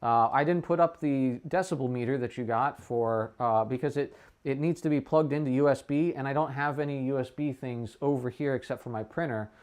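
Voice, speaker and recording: This music teacher talks a little fast, his medium-pitched voice clean yet darkish, as he walks through how to practice a piece. Between pointers he sings the phrases on syllables to demonstrate the method, and the stream audio is dull and lo-fi.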